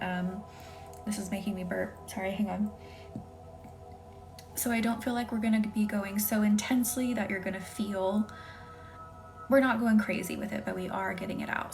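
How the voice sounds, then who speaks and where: A young woman hosting a live Reiki stream, chatting casually with viewers by name and often dropping into a soft whisper. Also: medium pitch, moderate pace. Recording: faint music behind.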